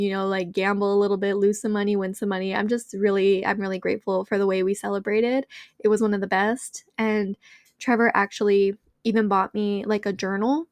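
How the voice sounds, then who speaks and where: A woman's voice: medium pitch, no echo, studio quality. Young woman podcast host, bubbly casual storyteller, mid-range voice, chatty delivery. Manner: bubbly, chatty, leans on filler "like", addresses listeners as y'all.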